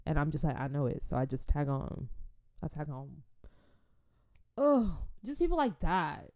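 A woman vlogger in casual chat with her viewers, animated and chatty, dropping churchy exclamations. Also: low-pitched, a little slow, no room sound, clean studio sound.

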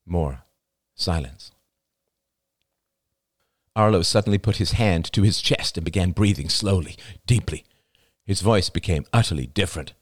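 A man narrating an audiobook chapter in an expressive, dramatic reading style. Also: sits low, a little slow, long pauses, no echo, studio quality. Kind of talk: scripted narration.

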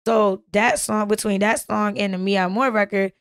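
A woman's voice: mid-range voice, fairly even intonation, moderate pace, gravelly, smooth, no room sound, clean studio sound. A woman recording artist in a casual chat, telling stories about making records in a slangy, easygoing way. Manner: storytelling, slangy, retells exchanges.

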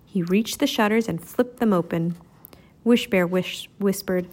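A woman's voice: mid-range voice, unhurried, darkish tone. A woman reading a children's storybook aloud, narrating expressively. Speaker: storybook reader.

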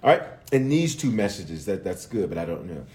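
A man's voice: low voice, very animated, a little fast, mellow. A man, a bishop, recapping a sermon series live with viewers, repeating phrases for emphasis and calling out people by name.

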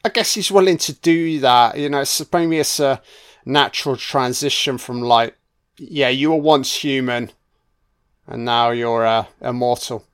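A man's voice: medium pitch, a little slow, fairly bright tone, clean tone. A man giving a casual, crude audio commentary while watching a film. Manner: crude, chatty, sweary.

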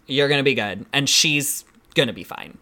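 Male drag podcast co-host, bright tone, campy and animated delivery. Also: medium pitch, normal speed. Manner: animated, campy, acts out quotes. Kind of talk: casual chat.

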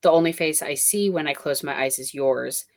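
Woman, very low voice, relaxed and candid book-chat co-host, swears casually. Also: moderate pace.

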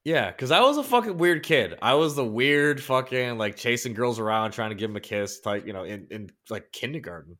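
A man's voice: medium pitch, animated, fairly quick, hardly any pauses, sharp tone. A man co-hosting a podcast, telling a long story in a rambling, profanity-heavy way. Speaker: podcast co-host. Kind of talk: casual chat.

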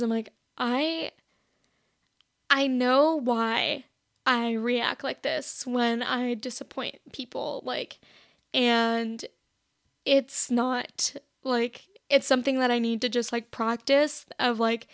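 A woman's voice: on the high side, fairly even intonation, slow pace, a bit bright, dry recording, studio quality. A young woman hosting her own podcast, telling a story in a casual, confessional way, with constant "like" fillers and acted-out quotes of her past self, a little shaky. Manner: chatty, heavy "like" filler, acts out her own past lines. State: shaky, emotional. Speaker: podcast host.

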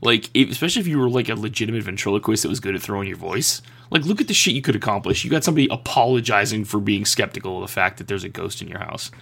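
A man with a husky voice co-hosting a podcast, making sarcastic wisecracks in casual chat. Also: fairly low pitch, animated, rapid-fire, hardly any pauses, fairly bright tone. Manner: sarcastic wisecracks, laughs a lot. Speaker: podcast co-host.

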